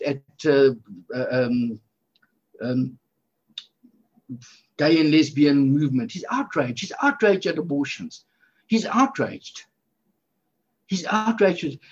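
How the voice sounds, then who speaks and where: A fervent, excitable male preacher with a fairly high, husky voice, delivering his sermon in bursts of enthusiasm. The recording is slightly dull and lo-fi.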